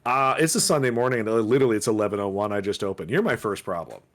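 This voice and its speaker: A man's voice: on the low side, racing. Exasperated man telling a profane story. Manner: profane, exasperated retelling with quoted customer voices. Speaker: podcast co-host, comic shop worker. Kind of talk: casual storytelling chat.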